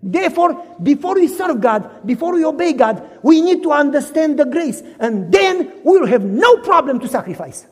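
High-voiced preacher in an echoey hall. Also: male voice, normal speed, few pauses. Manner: animated, acts out dialogue in voices, asks audience questions. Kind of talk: sermon. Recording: echoey hall, long reverb.

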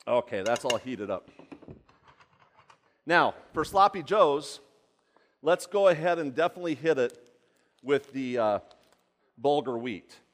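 A man's voice: mid-range voice, expressive, unhurried, pauses often, slight background noise. A man giving a live cooking demonstration, chatty and rambling, often asking the audience questions. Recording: long hall reverb.

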